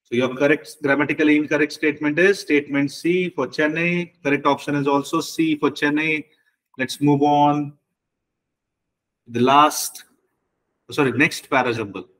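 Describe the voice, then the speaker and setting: A man's voice: a little high, fairly even intonation, moderate pace, a bit bright, rough recording. A man with an Indian English accent teaching an online exam-prep lecture, explaining step by step and switching between English and Hindi.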